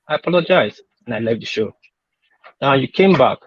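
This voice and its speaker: A man's voice: medium pitch, expressive, brisk, slightly rough. A man talking heatedly on an online panel, insistent and repetitive, pressing his point over interruptions. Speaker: panel guest. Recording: lo-fi call audio.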